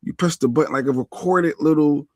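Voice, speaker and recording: A man's voice: a little high, brisk, a little mellow, no echo, clean studio sound. A man co-hosting a casual livestream, easygoing and rambling, often repeating himself. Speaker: livestream co-host.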